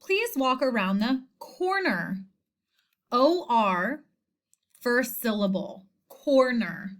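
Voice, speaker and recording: Slow, deliberate woman teaching spelling. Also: a little high, sing-song, a bit bright. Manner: slow, deliberate, repeats each word. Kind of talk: spelling lesson. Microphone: screen recording voice-over.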